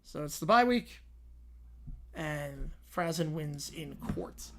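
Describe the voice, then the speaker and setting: A man's voice: a little high, lively intonation, slow pace, background noise. Male streamer host, casual, reads a story aloud with asides.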